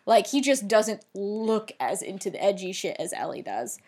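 A woman's voice: mid-range voice, very animated, moderate pace, a little mellow, husky. A woman co-hosting a podcast, recapping a TV episode in casual, chatty talk with lots of fillers and some swearing. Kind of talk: casual chat.

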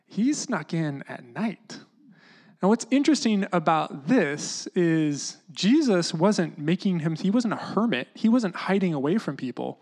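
A preacher giving a conversational sermon, explaining scripture in a loose, chatty way full of "like" and "you know", sometimes dropping to a hush. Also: mid-range voice, a little slow. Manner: casual, animated teaching with lots of "like" and "you know"; often drops into a hushed voice to act out quotes.

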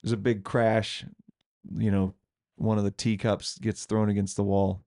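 A man with a low, gravelly voice co-hosts a podcast and tells a ghost story in a loose, rambling way. He laughs often as he goes. The sound is dry and close, with no room around him. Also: level tone, a little slow, dark tone, no echo. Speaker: podcast co-host. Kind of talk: casual chat, telling a ghost story.

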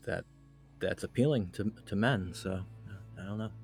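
Lower-voiced man giving blunt opinions. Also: normal speed, soft background music. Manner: blunt opinions with frequent restarts. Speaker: podcast co-host. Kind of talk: casual chat giving opinions.

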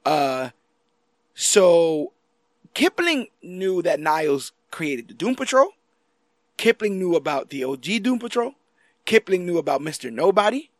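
Man, high-pitched, casual podcast recap, lively retelling, dry close sound. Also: a little slow, dry recording. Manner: animated, acts out characters' lines while retelling scenes. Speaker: podcast co-host.

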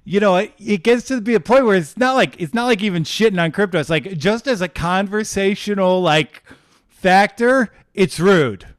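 A man with a high, smooth and resonant voice rants on a comedy podcast. He talks in an emphatic, exasperated way and swears freely. The sound is close and dry. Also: normal speed, no echo. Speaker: podcast co-host. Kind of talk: comedic ranting podcast chat.

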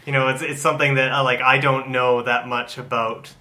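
A man's voice: mid-range voice, flat delivery, brisk, bright, forceful tone. A man co-hosting a casual chat, laid-back and hesitant with fillers. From Canada. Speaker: podcast co-host.

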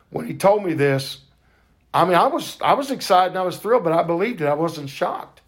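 An older man hosting a podcast, telling a faith testimony in a fervent, preacher-like way with drawn-out emphasis. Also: on the high side. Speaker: podcast host.

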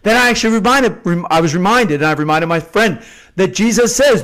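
A middle-aged man with a fairly high voice speaks as a devotional host. He talks off the cuff and earnestly, circling back and repeating words as he builds to a point. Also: sing-song, fast, fairly bright tone. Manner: earnest, repeats and restarts phrases for emphasis. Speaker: Catholic novena host. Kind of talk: spontaneous devotional teaching.

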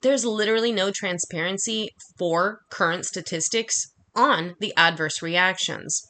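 A woman delivering an angry, profanity-laced monologue, talking fast and heatedly. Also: lowish voice, sharp tone. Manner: heated, swearing constantly, rapid rant.

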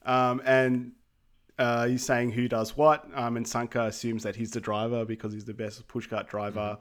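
A man's voice: mid-range voice, flat delivery, moderate pace. A man co-hosting a podcast, summing up a film's plot in an easygoing way, with many ums and light laughs. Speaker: podcast co-host. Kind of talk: casual movie recap chat.

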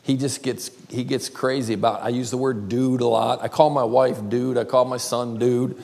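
An older man from South Carolina with a Southern accent, preaching a playful sermon and drawing words out slowly. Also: mid-range voice, level tone, vocal fry, darkish tone. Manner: playful, drawls words slowly, calls crowd y'all. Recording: long hall reverb.

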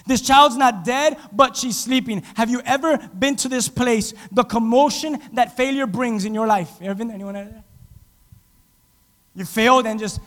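High-voiced preaching man in a reverberant hall. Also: normal speed. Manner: dramatic, swings from loud to hushed, acts out quotes. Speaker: pastor. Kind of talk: sermon. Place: church.

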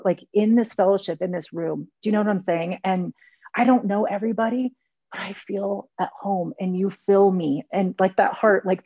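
A woman's voice: medium pitch, no echo. A middle-aged woman giving a heartfelt personal share at a recovery meeting, rambling with many fillers and restarts. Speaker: speaker sharing at a recovery meeting. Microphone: video call. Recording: dull lo-fi video call audio.

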